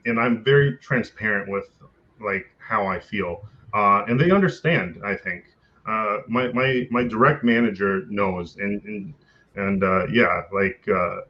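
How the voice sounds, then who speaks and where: A man with a fairly low voice answers an interviewer over a video call, hesitant and full of fillers and restarts, and he laughs often. The audio is slightly dull and lo-fi. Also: a bit bright. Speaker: interview guest, content creator.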